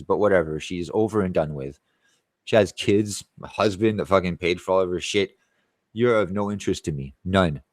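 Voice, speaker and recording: Low-voiced, profane man. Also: no echo, clean studio sound. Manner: profane, boastful, rambling. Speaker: tree-cutting contractor. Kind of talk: casual monologue vlog.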